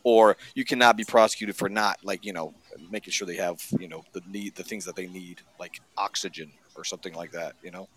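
A man's voice: sits low, fairly even intonation, a little fast, few pauses, fairly bright tone. A man co-hosting a casual political talk show, blunt and sarcastic, at times reading aloud from a bill. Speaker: podcast co-host.

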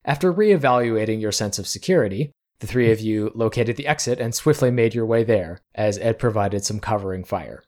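A man narrating a tabletop role-playing game as game master, in measured storytelling. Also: fairly low pitch, a little mellow.

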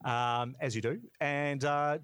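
A man's voice: medium pitch, steady tone, slow, a bit bright, clear, resonant tone, no room sound. Young man telling a candid story. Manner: candid, laughs through the story. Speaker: podcast guest. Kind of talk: casual storytelling.

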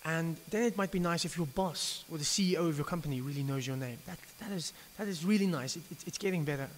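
A man preaching in a slightly high voice, casual and conversational, tripping over words and restarting sentences as he thinks aloud. His voice rings in a long hall reverb over a faint hiss. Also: quick pace. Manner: conversational, with frequent stammered restarts. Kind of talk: evening sermon.

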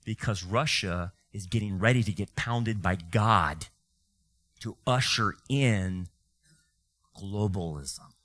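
A man's voice: on the low side, a bit bright. A male pastor preaching a fiery sermon, full of rhetorical questions and sarcastic asides.

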